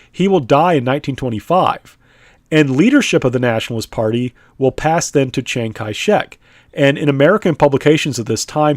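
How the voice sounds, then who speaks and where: A man gives a recorded history lecture in an easy, conversational way, often pausing to check with "right?" and filling gaps with "uh." His voice sits in a middle pitch. The recording is dry and close, with no room echo. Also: a little mellow. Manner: conversational, frequent "right?" and "uh" fillers. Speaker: history teacher.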